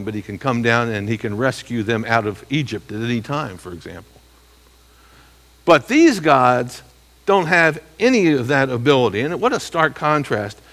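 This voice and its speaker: Guy preaching, kinda high bright voice, keeps asking the crowd questions. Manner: emphatic, rhetorical questions, reads scripture aloud. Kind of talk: expository sermon.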